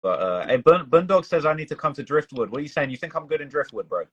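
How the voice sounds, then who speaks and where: A man's voice: on the high side, lively intonation, fast, breathy edge, dull audio. A man with a British accent, hosting a casual live-stream chat, talking in a loose, slangy way full of fillers and restarts. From United Kingdom. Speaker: documentary channel host.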